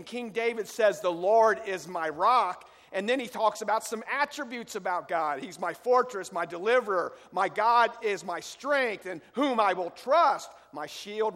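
A man preaching a sermon with a slightly higher voice than most men. He swings between emphatic exhortation and quiet scripture reading. His voice carries a long reverb, as though he is speaking in a large hall. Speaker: pastor.

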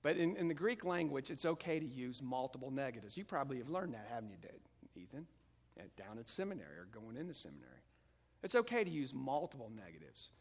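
A man preaching a sermon as pastor, moving between calm teaching and loud, fervent passages. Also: mid-range voice, quick pace. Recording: long hall reverb.

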